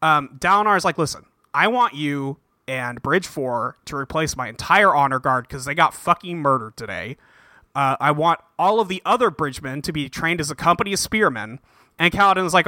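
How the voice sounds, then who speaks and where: A man's voice: a little high, lively intonation, normal speed, pushed and bright, dry recording. A man co-hosting a podcast, retelling a book's plot in casual chat and tossing in crude, jokey voices for the characters. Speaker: podcast co-host. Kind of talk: casual book-club recap.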